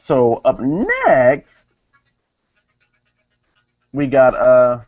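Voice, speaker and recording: A man's voice: mid-range voice, wildly swooping pitch, extremely slow, no room sound. A young man casually reviewing a wrestling show, rambling with many fillers and self-corrections. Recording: dull lo-fi sound, faint music behind.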